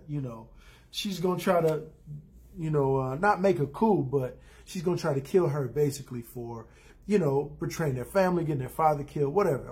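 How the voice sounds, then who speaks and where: A man with a slightly higher voice talks through a recap in a loose, rambling way, full of fillers and restarts. He stays casual and blunt, slipping into short acted-out lines for the characters. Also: a little mellow. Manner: acts out characters' lines in quick asides; blunt, opinionated asides. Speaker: TV episode recapper.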